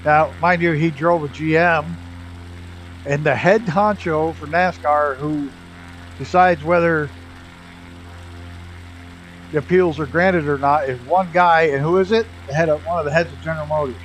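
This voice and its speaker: A man's voice: a little high, measured pace, pauses often, a bit bright, soft background music, poor audio. A man chatting casually while streaming a flight simulator, telling profane racing stories and laughing often.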